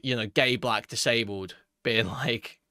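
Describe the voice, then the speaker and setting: A man's voice: medium pitch, unhurried, sharp tone, no echo, studio quality. A man reacting to a clip with mocking, crude commentary and frequent laughs. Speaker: commentary host.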